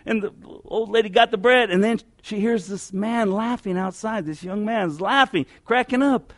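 High-voiced emphatic preacher, dry sound. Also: male voice, normal speed, dry recording. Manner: emphatic, repeating key lines, dropping to quiet endings. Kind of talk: sermon.

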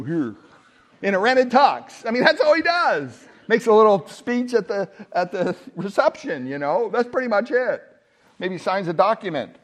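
A man preaching a sermon with emphasis, asking the congregation rhetorical questions. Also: high-pitched. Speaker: pastor.

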